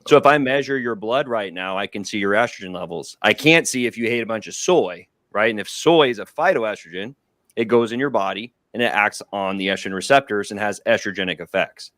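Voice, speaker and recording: A man with a lowish voice explains things in a steady, matter-of-fact way, like a doctor walking friends through a topic. His voice sounds dry and close, with little room around it. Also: brisk, no room sound. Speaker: guest doctor. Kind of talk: casual chat on a group stream.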